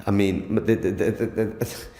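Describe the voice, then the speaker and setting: A man giving an emotional first-person account of an attack, halting with many stammered restarts, recorded in a hospital room. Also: fairly low pitch, mellow, reverberant. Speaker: interviewee, attack victim.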